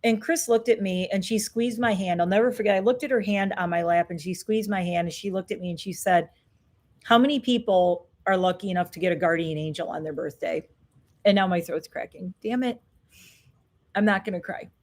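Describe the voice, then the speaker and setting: A woman's voice: lowish voice, fairly quick, darkish tone. A woman in her fifties, a beauty vlogger chatting candidly and reflectively through her skincare routine. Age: 50s. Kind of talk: casual chat during a skincare routine.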